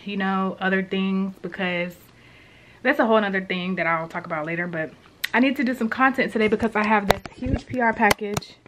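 A woman's voice: medium pitch, brisk, fairly bright tone, a little hiss or hum. A young adult woman chatting casually in a vlog, rambling with fillers as she talks to the camera. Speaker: vlogger. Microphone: phone camera.

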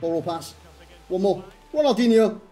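A man's voice: high voice, animated, moderate pace, mellow, soft background music. A man, commentating his own video game match in exasperated, self-mocking rants. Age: 30s. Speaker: gaming YouTuber. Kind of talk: live gameplay commentary.

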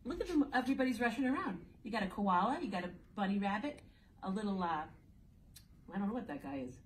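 At storytime, a woman teacher with a medium-pitched voice reads a picture book quickly and expressively, playful and sing-song, often speaking right to the children. It's recorded on a distant mic with faint ambience behind her.

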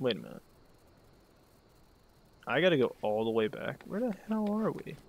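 A man's voice: fairly high pitch, big pitch swings, moderate pace. A man giving casual game commentary, full of joking, self-mocking asides. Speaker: game streamer.

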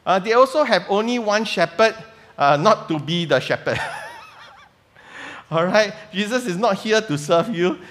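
A man's voice: a little high, fairly bright tone. A man preaching a conversational sermon in church, asking many rhetorical questions. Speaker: pastor. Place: church sanctuary. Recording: long reverb of a church hall.

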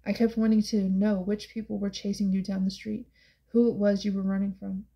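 A woman reading a hushed brooding young man. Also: level tone, fairly quick, vocal fry, lo-fi sound, lightly acted. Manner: soft, hushed and low-key. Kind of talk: audiobook character voice.

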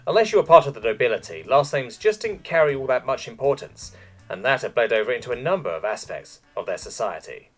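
Male narrator, scripted story reading, husky voice, lively pitch, faint music behind. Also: fast talker. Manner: expressive storytelling. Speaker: audiobook narrator.

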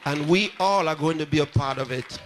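A pastor with a brisk voice on the high side addresses a live audience in a large ceremony hall, with noise in the background. He repeats phrases and asks the crowd direct questions.

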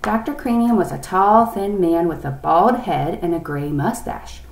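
A woman reading a children's book aloud, in an expressive way. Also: lowish voice, normal speed, vocal fry, far from the mic, slight background noise. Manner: expressive, lively character voices. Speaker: reader. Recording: echoey room, off-mic.

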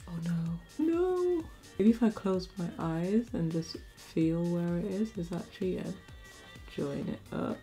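Young woman, makeup vlogger, giggly, unhurried, faint music behind. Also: on the low side, lively intonation, mellow. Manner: giggly, laughs often, tells corny jokes. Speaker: beauty vlogger. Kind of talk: casual makeup challenge chat.

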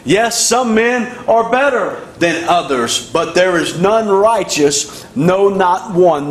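High-voiced preacher in an echoey church. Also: male voice, a little hiss or hum. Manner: emphatic, repetitive preaching cadence. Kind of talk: sermon. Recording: echoey room.

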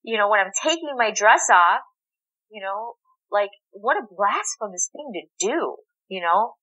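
A woman guest in an interview, telling a story in a casual, animated way, acting out the dialogue and laughing often. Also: medium pitch, unhurried, highs cut off. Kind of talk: conversational storytelling.

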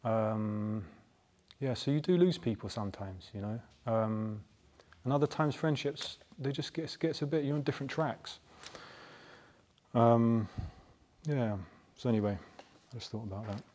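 A man's voice: mid-range voice, measured pace, long pauses, a little mellow. A man in his forties casually telling personal stories in a chatty, rambling way, often tagging his points with a questioning "yeah?". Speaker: Buddhist practitioner.

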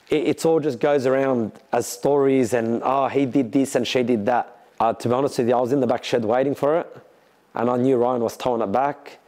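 Mellow-voiced Australian man telling a story. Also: mid-range voice. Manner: emotional, talks in bursts, lively quoting of others. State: sore after a crash. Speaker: car builder and racer telling his crash story. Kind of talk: candid storytelling to camera.

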